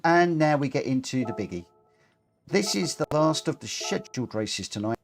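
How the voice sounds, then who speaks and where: A man hosting a live racing game stream, talking in a chatty, rambling, self-deprecating way. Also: mid-range voice. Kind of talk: casual live-stream commentary.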